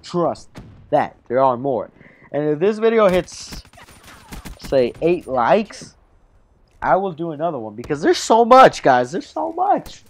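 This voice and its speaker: A man's voice: on the high side, big pitch swings, measured pace, pauses often. Rambling fourteen-year-old boy vlogger. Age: teenager, fourteen. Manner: rambling, swearing, often addressing viewers as "guys". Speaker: vlogger telling a story. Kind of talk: casual storytelling to camera.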